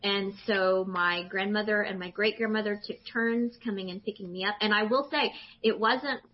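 A woman in her forties, a guest telling her personal faith testimony with animated emotion. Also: medium pitch, moderate pace. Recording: dull lo-fi sound.

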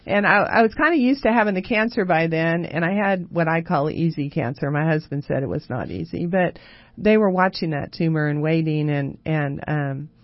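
A woman guest telling her life story in a relaxed chat, laughing often and restarting her sentences. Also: deep voice, moderate pace, hardly any pauses, dry recording, muffled recording. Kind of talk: casual chat.

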